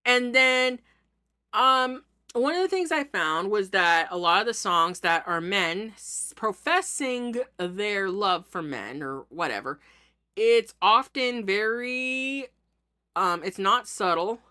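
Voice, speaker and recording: A woman's voice: mid-range voice, animated, slow, bright, forceful tone, clear, resonant tone. A woman vlogging from her home in a casual, rambling monologue with many restarts.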